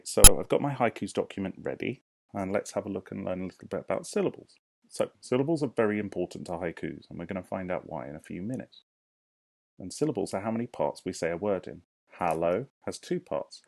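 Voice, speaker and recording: A deep-voiced man with a gravelly edge leads a recorded lesson for young children. He speaks slowly and encouragingly, sounding each word out clearly and inviting the class to say it with him. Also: lively intonation, a little mellow. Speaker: primary school teacher.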